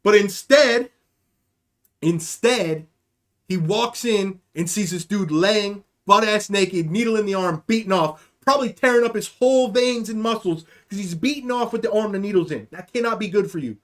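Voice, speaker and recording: A man's voice: high voice, normal speed. A man hosting a podcast, telling a rambling, profane, jokey story in a casual monologue. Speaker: podcast host.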